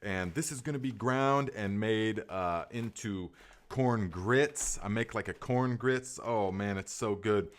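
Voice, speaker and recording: A middle-aged man chats through a live gardening Q&A with a slightly low voice. He rambles with easy enthusiasm and trips over his own restarts and fillers. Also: a little slow, a little hiss or hum. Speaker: gardening podcast host. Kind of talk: casual live Q&A chat.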